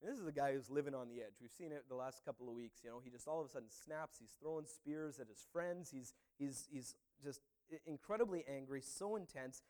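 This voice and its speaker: A man's voice: mid-range voice, fairly quick, hardly any pauses, a little mellow. A man preaching a sermon as a pastor, talking in a conversational way with many "you know"s and "uh"s.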